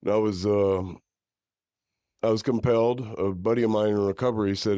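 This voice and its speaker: A middle-aged man from California's East Bay, talking candidly about his life as a podcast guest. His voice is low and mellow, and it sounds dry and close to the microphone. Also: fairly even intonation, moderate pace, clear, resonant tone, no room sound. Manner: candid storyteller, drops into higher-pitched impressions of others. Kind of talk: conversational interview. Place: podcast studio.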